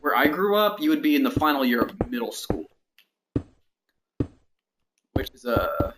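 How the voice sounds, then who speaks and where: A twenty-something man streams himself playing a building game, rambling and thinking out loud between tasks while muttering block counts. He talks a little slowly in a sing-song, mid-range voice. Clicks and background noise come through clearly.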